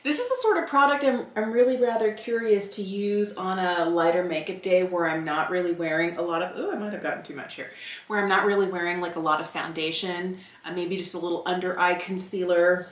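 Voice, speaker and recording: A woman's voice: on the low side, steady tone, a little fast. A woman in her fifties doing a casual makeup product review, candidly thinking aloud as she applies each item. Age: 50s. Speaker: beauty vlogger. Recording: roomy echo.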